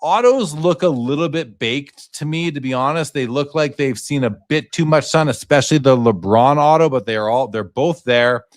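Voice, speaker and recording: A man hosts a live sports card auction stream, casually reading each lot's details and asking his guest what they think. His mid-range voice moves at normal speed with hardly any pauses.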